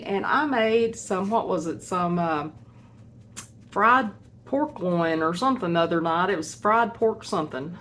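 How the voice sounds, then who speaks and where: A woman talks through her grocery haul in a relaxed, chatty way, often losing her train of thought and correcting herself. Her voice sits at an ordinary middle pitch, with faint background hiss in the recording. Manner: chatty, rambling, self-correcting about prices. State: hiccups. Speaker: homesteading vlogger. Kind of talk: casual grocery haul chat.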